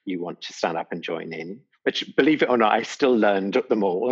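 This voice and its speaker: A man's voice: fairly low pitch, lively intonation, moderate pace, few pauses, breathy edge. Chatty man, slightly muffled. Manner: chatty and rambling, with restarts. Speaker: talent show judge. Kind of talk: casual interview anecdote.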